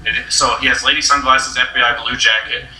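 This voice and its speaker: A young man hosting a casual chat with friends, rambling and animated as he tells stories. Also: medium pitch, quick pace, a little hiss or hum. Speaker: host. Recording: roomy echo, distant mic.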